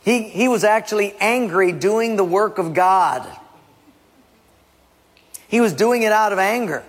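Man, preacher, sermon, emphatic, slightly high voice, husky. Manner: emphatic, dramatic pauses, drops to a hush. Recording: long hall reverb.

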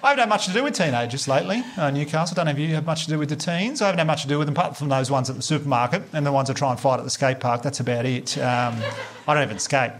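An Australian man performing a stand-up comedy set, telling stories in a laid-back, sweary, deadpan way. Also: on the high side, rapid-fire. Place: live comedy venue with audience laughter.

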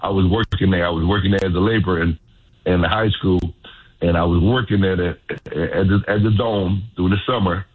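Deep-voiced older man on a phone line. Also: brisk, husky. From Louisiana. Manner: animated storyteller, repeats phrases. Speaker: former pro football player, guest. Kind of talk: storytelling interview.

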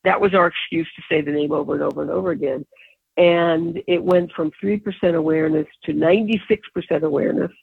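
An older woman, an advertising agency founder, telling animated stories in an interview and laughing often. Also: sits low, quick pace, vocal fry, breathy edge, dry recording. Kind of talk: storytelling in an interview. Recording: tinny phone-like line.

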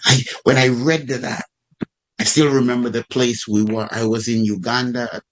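A man's voice: medium pitch, level tone, normal speed, poor audio. A man preaching a sermon in a fervent storytelling manner, repeating phrases for emphasis.

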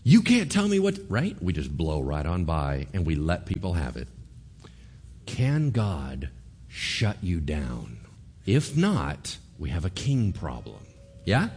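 A man preaching a sermon as pastor, animated, acting out the voices of figures in the story. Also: very deep voice, slow, a little hiss or hum.

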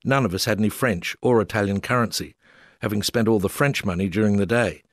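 A wry Australian man reads his own humorous travel memoir aloud in a somewhat low voice. His delivery is dry and self-mocking, and the recording is close and dead, with no room sound. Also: fairly quick, no echo. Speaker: memoir narrator.

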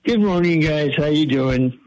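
A man calling in to a radio show, chatting casually in a rambling, halting way. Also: fairly high pitch, animated, darkish tone, poor audio. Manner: rambling, halting, with fillers and restarts. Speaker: regular caller. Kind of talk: casual call-in radio chat.

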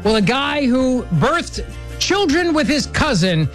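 A male talk radio host with a high, strongly animated voice. He mocks and jokes in a sarcastic, quick back-and-forth with his producer. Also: soft background music. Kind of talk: conservative talk radio banter.

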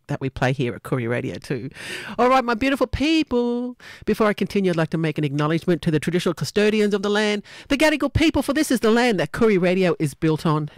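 A woman's voice: fairly low pitch, dry recording. Upbeat Australian woman radio host. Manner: chatty and upbeat, laughs often. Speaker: radio breakfast show host. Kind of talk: live radio presenting.

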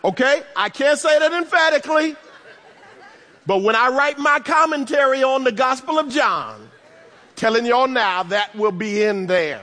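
High-voiced animated preacher man. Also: measured pace, long reverb tail. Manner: animated, humorous asides, bursts of shouting. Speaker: pastor. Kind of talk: sermon.

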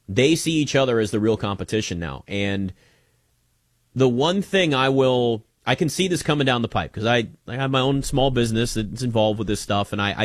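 A man hosting a sports talk show, speaking in an emphatic, conversational way with plenty of restarts. His voice is mid-pitched and recorded close and dry, with no room sound. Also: no echo. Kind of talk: casual sports commentary.

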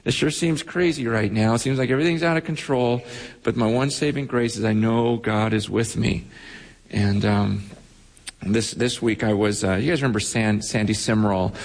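A man delivers a sermon as pastor, his voice set a little high for a man. He tells stories with emotion, often stumbling over repeated words. The sound carries a long church-hall reverb. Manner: storytelling, emotional, many restarts.

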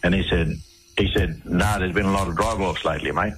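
A very low-voiced Australian man talking as a radio guest, rambling through a long account with lots of restarts. A faint hiss of line noise sits under his voice. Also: fairly even intonation, brisk, fairly bright tone, low-quality recording. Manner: rambling, with many restarts and repeated words. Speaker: interview guest. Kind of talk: casual radio interview storytelling.

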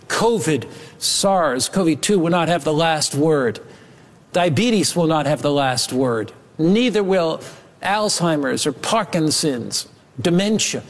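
A man preaching a sermon with an emphatic, repetitive cadence. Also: a little high. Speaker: pastor.

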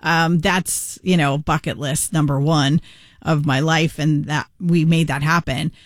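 A woman's voice: sits low, steady tone, measured pace, no echo, studio quality. A woman co-hosting a morning radio show in casual chat, talking in an emphatic way with lots of fillers. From New York. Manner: chatty, filler-heavy, emphatic. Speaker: radio co-host. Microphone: studio microphone.

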